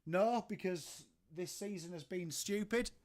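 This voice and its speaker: English bloke hosting a live stream from home, slightly higher voice, chatty, greeting his viewers by name. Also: a little slow. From England. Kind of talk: casual live watchalong chat.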